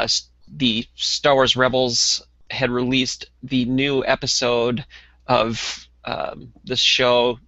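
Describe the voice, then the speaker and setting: Bright-voiced man hosting a podcast. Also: mid-range voice, vocal fry, dry recording, lo-fi sound. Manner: relaxed, many ums and uhs. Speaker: podcast co-host. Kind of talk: casual podcast chat.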